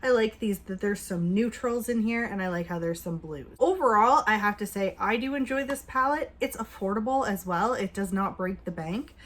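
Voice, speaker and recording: Woman beauty vlogger at home, chatty and upbeat, middle pitch, drops to hushed asides while applying. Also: normal speed, few pauses. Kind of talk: casual makeup review.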